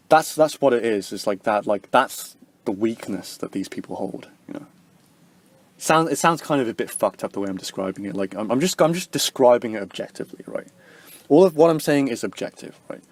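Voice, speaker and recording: A man's voice: lowish voice, moderate pace. Rambling, profane young man vlogging. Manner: rambling, heavy filler words, profane, animated quoting. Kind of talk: casual rambling monologue.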